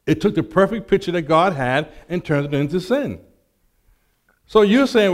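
A man preaching a sermon and telling a personal testimony, animated and acting out the dialogue, with frequent stammered restarts. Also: high-pitched, moderate pace.

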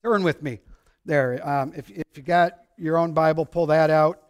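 Male preacher, high voice, excitable, loud-to-soft sermon delivery. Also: moderate pace, clear, resonant tone, dull audio. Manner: excitable, shouts then drops to quiet. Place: church sanctuary.

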